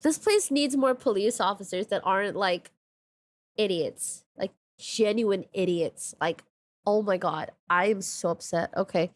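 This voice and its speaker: A woman's voice: mid-range voice, unhurried, no echo. A young woman streaming a story game, commenting casually, exasperated and swearing often, saying "question mark" aloud.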